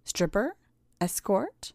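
A woman's voice: mid-range voice, very animated, slow pace, gravelly, dark tone, no echo, clean studio sound, exaggerated voice. A woman voicing a flustered young male executive who answers with defensive, sarcastic retorts.

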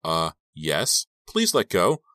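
A man reading an audiobook aloud and voicing a frightened teenage girl who pleads in a high, strained voice. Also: sing-song, moderate pace, pushed and bright, dry recording, studio quality, heavily acted. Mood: panicked.

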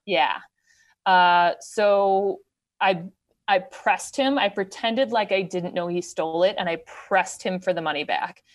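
A woman guest telling a candid, animated story in casual conversation. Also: on the low side, measured pace. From Wisconsin. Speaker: podcast guest.

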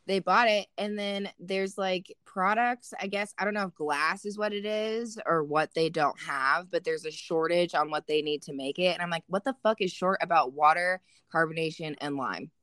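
A woman's voice: on the low side, normal speed, hardly any pauses, no echo, studio quality. A young woman hosting a podcast, telling stories animatedly and swearing freely. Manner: swears a lot, animated storytelling. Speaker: podcast host. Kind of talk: casual podcast chat.

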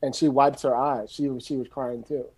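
A middle-aged man from San Francisco, a screenwriter telling his story in a loose, animated, casual way and swearing freely. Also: mid-range voice, normal speed, breathy edge. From San Francisco, USA. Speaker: screenwriter guest.

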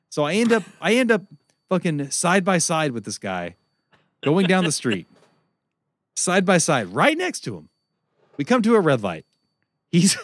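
Brief: male podcast co-host, slightly high voice, dry close mic, swears a lot, laughs through his stories. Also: no echo. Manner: profane, animated, laughs often. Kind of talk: casual storytelling chat.

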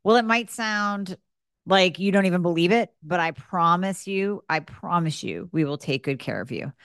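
A woman's voice: animated, moderate pace, fairly bright tone, smooth, no room sound, studio quality. A woman, the show's host, reading a persuasive, reassuring scripted ad for her practice. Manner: persuasive, reassuring sales pitch. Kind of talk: scripted ad read.

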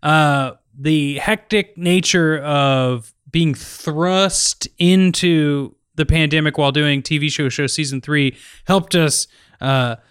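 A man's voice: fairly high pitch, slow pace, a bit bright, clear, resonant tone, no room sound, studio quality. A man co-hosting a podcast, cracking jokes and leading the segues in casual chat. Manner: jokey, hosting segues, chuckles often. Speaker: podcast co-host.

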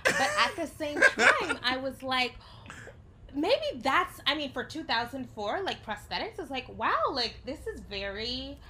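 A woman's voice: high voice, sing-song, unhurried, noisy background. A woman co-hosting a casual movie review chat, wry and questioning. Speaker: podcast co-host.

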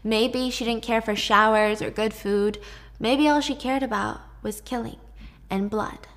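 A woman narrating a dark story in a chatty, casual retelling with wry asides. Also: a little high, steady tone, unhurried.

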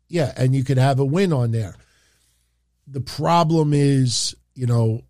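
A man's voice: mid-range voice, darkish tone, dry recording, studio quality. A man with a New York accent, rambling through opinionated wrestling talk on a livestream. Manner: rambling and opinionated, many filler phrases. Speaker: wrestling commentary streamer.

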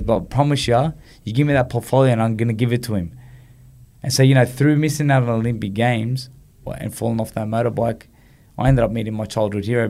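A man's voice: on the low side, vocal fry. An Australian man as an interview guest, telling stories casually and acting out the dialogue, with many "you know"s. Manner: animated, acts out quoted dialogue, frequent "you know". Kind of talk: casual storytelling in conversation.

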